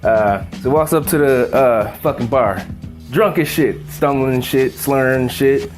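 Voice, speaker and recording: Soft music plays behind a man with a mid-range voice who speaks without hurry while hosting a home cooking demo. Cooking at the stove, this relaxed host cusses freely and rambles his way into a joke.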